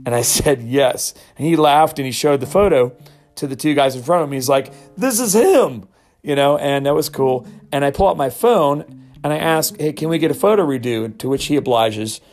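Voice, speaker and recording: A man's voice: medium pitch, fairly quick, darkish tone, faint music behind. A middle-aged man hosting a show, telling a story casually and acting out quotes in raised voices. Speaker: podcast host.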